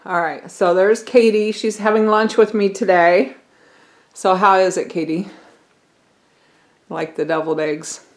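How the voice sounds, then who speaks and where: An older Missouri woman vlogs from her home kitchen, chatting casually and warmly to a handheld camera as if to friends. Her medium-pitched voice is fairly even and measured, with long pauses, and the recording is rough.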